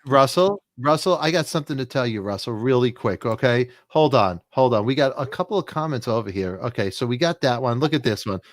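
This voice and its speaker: A man hosting a live talk show who excitedly points out viewer comments for his guests. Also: medium pitch, brisk, hardly any pauses, no echo, clean studio sound. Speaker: host.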